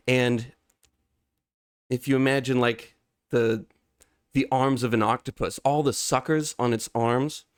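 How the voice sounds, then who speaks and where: Guy on a podcast telling a dramatic story, normal pitch, dry close mic. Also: no echo. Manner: vivid storyteller, acts out panicked and calm voices in his telling. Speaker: podcast co-host. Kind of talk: casual podcast chat with a dramatic monologue.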